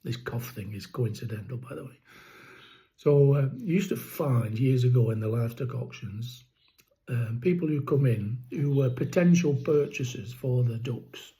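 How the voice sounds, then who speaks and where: A man's voice: medium pitch, a little slow, dark tone, low-quality recording. A man with a rattle in his throat, explaining poultry keeping in a rambling, casual vlog. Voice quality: rambling, many ums and restarts. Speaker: poultry keeper vlogger.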